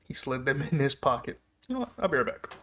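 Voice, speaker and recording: Sing-song and quick, his mid-range voice has a fairly bright tone. The man vlogs a personal story in a rambling, chatty manner, frequently cutting in on himself and restarting his sentences.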